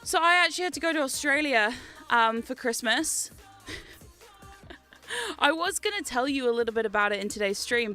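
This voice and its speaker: A woman's voice: sits high, animated, unhurried, pauses often, pushed and bright, soft background music. A woman streamer chatting casually to her viewers on a livestream, laughing often and swearing freely.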